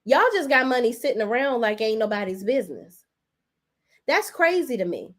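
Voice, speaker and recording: A woman's voice: a little high, moderate pace. Chatty woman recapping soaps to her chat. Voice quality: chatty, animated, talks to chat directly. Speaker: host. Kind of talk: casual live-stream soap opera recap.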